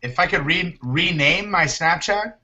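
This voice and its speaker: A man's voice: fairly high pitch, animated, measured pace, dull audio, crowd noise. A man hosting a casual show, joking playfully with his guests. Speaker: show host. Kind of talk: casual chat.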